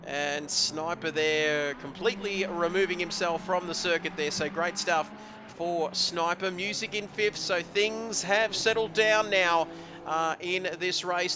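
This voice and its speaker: A man giving excitable live commentary on a sim race, with frequent "uh" fillers. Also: high voice, noisy background. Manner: excitable, hesitant fillers, building to shouts at the finish.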